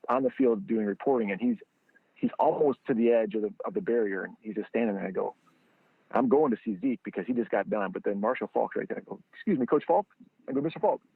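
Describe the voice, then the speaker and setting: Gravelly man on a tinny line. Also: steady tone, fast, no echo. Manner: acts out quoted people with sudden high jumps in pitch. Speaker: guest, training football founder. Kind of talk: animated storytelling. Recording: dry, tinny phone-line sound.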